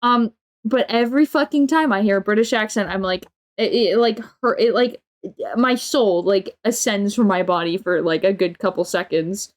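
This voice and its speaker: A woman's voice: medium pitch, moderate pace. A woman hosting a live stream in casual chat, enthusiastic and sweary and laughing often. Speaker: streamer, host.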